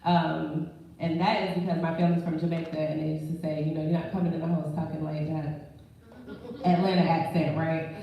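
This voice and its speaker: A young woman who works as a mortgage branch manager, telling her career story in a candid, self-assured, conversational way on a live panel. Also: on the low side. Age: young adult. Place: live event room. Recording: echoey room, distant mic, dull sound, faint noise.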